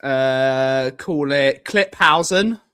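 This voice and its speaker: A man's voice: mid-range voice, very slow, a bit bright, smooth. A man hosting a casual live stream, rambling and joking and repeating himself as he clicks through things on screen. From United Kingdom.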